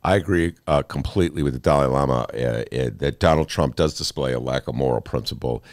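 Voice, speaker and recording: A man hosting a casual political talk show from a studio, animated and sarcastic, often jumping into high mocking voices. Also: fast talker, dry recording. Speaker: host. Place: radio studio.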